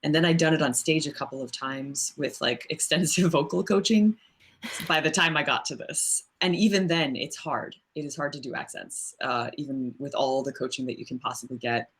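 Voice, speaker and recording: Low-voiced woman chatting in an interview. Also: normal speed, a bit bright. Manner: thoughtful, laughs often, many "like" fillers. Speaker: voice actress guest. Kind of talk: casual interview chat.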